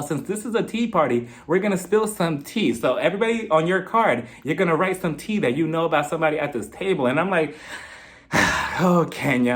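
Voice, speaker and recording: A young man with a slightly high voice recaps a reality show episode. He talks in a chatty, sassy way and acts out what the cast members say. He is a casual commentator who keeps the energy up. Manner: chatty and sassy, acting out the cast's lines.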